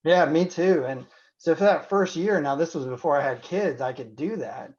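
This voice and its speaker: A man's voice: fairly high pitch, moderate pace, darkish tone, dull audio. A man from Indiana, a physician guest on a podcast, speaking candidly and reflectively with frequent "you know" and restarts. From Indiana, USA. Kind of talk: candid conversational interview.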